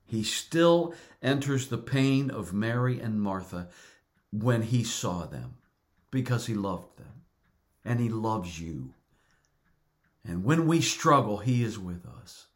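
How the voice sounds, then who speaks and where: A middle-aged man preaching a sermon at an unhurried, measured pace. His voice sits on the low side, and he talks earnestly and deliberately, leaning on repeated words for emphasis. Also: lively intonation. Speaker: pastor.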